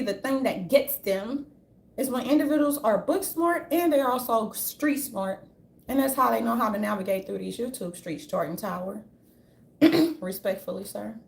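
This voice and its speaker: A woman's voice: medium pitch, moderate pace, creaky. A woman vlogger ranting in a casual, blunt way, swearing freely and restarting her sentences as she goes. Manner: blunt, profane, rambling, with many restarts. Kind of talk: casual opinion rant. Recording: roomy echo, faint ambience.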